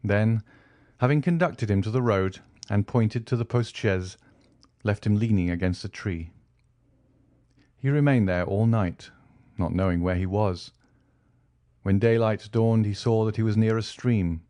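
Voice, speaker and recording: A man reads a classic novel aloud in a steady, even storytelling manner. His voice sits on the low side. The recording is dry and close. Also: measured pace, no echo. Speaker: audiobook narrator. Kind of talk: scripted narration.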